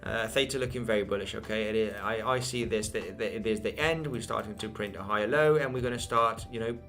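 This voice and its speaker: A young Spanish man hosts a live crypto chart stream, answering chat with his voice on the low side, fast and fairly bright over soft background music. His English accent came from his mother, who is from the Isle of Man. He's repetitive, full of fillers and restarts, and calls his viewers "guys."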